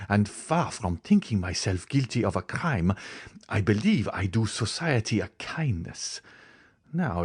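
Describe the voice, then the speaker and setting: A man's voice: lowish voice, darkish tone, husky, heavily acted. A man voicing a proud, frightened older banker with a haughty, indignant way of speaking.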